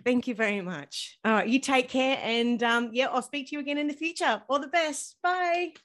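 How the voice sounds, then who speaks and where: A woman's voice: sits high, moderate pace, fairly bright tone. A woman with an Australian accent hosts a podcast interview in an upbeat, enthusiastic way. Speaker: podcast host. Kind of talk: casual interview chat.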